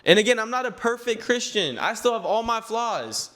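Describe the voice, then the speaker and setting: A young man of nineteen speaks with a noticeably high voice, delivering a faith-driven motivational talk straight to his viewers. He is earnest and a bit preachy, and he often trips over his words and restarts sentences. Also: very animated, moderate pace, fairly bright tone. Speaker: clothing brand owner and vlogger.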